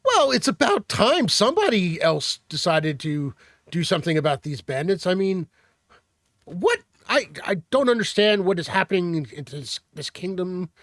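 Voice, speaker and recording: A man voicing a blunt, impatient young female squire who talks quickly and sounds exasperated. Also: high-pitched, very animated, fairly bright tone, no echo, clean studio sound, full character voice.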